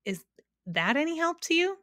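A woman's voice: sits high, sing-song, moderate pace, sharp tone, dry recording, clean studio sound, voice pushed up, exaggerated voice. A woman reading aloud and voicing a fretful, contradictory man in a storybook.

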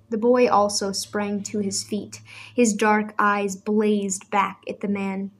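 A woman's voice: medium pitch, level tone. Woman narrating a story. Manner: measured storytelling. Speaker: audiobook narrator. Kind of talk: scripted narration.

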